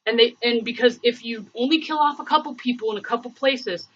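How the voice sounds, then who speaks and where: A woman's voice: fairly high pitch, a little fast, dull audio, slight background noise. A woman hosting a casual livestream, rambling and thinking aloud with many fillers. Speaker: livestream host.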